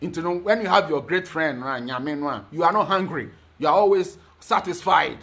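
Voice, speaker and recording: A man's voice: a little high, expressive, brisk, creaky, fairly bright tone. A man giving an emphatic, preachy spiritual talk, often stalling on repeated fillers before pressing his point. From Ghana. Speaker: spiritual teacher.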